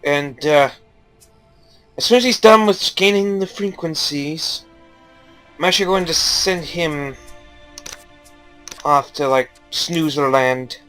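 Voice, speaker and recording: A man's voice: fairly high pitch, takes it slowly, long pauses, pushed and bright, faint music behind. A young man giving casual, rambling game commentary, joking and swearing freely. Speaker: gaming YouTuber.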